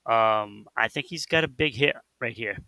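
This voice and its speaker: A man co-hosting a casual radio chat about music, rambling and animated, with lots of fillers and restarts. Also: mid-range voice, moderate pace, vocal fry, a crowd in the background. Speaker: co-host.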